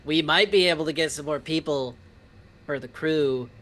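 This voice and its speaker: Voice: medium pitch, moderate pace, a bit bright. A tabletop player who plans aloud eagerly, restarting and correcting themselves. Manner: eager, rambling, self-correcting. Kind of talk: playing a tabletop game.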